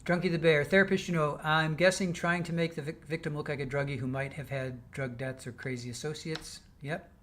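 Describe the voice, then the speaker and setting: An older man from the Midwest hosts a casual livestream, reading out viewer comments and chatting back. His voice sits a little high for a man, and his talk rambles with frequent restarts. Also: fairly even intonation, brisk, few pauses, a bit bright, slight background noise. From American Midwest. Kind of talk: casual chat while waiting for a trial.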